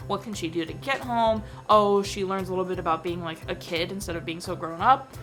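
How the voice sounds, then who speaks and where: A woman's voice: lowish voice, steady tone, a little fast, a bit bright, faint music behind. A young woman vlogger chatting casually about a film she watched, full of fillers and emotional asides. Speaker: movie review vlogger. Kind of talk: casual chat.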